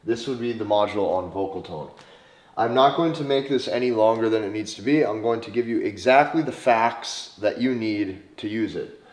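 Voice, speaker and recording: A man's voice: on the low side, normal speed. A man with a North Dakota accent, teaching in an emphatic way, repeating key phrases and checking in with "okay?". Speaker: dating coach. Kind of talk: instructional talk to camera. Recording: echoey room.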